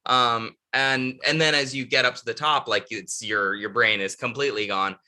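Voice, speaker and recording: Bright-voiced man telling a travel story. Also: medium pitch, fairly even intonation, moderate pace. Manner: rambling, many restarts and fillers. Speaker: podcast guest, author. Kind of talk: casual storytelling interview.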